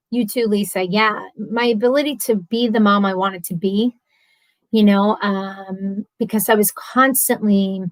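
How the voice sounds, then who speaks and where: A woman in her thirties talking openly on a live stream, candid and animated, answering viewer comments. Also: mid-range voice, no echo, low-quality recording. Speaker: vlogger.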